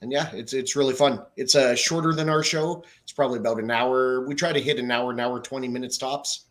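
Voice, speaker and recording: A man's voice: mid-range voice, fairly even intonation, a little fast, a bit bright. A man co-hosting a casual podcast, blunt and swearing casually as he chats. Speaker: podcast co-host.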